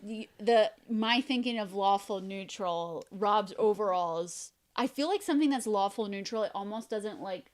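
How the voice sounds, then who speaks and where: A woman's voice: medium pitch, moderate pace, hardly any pauses. Rambling woman co-hosting a casual chat. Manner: rambling, many "like" fillers and restarts. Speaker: podcast co-host.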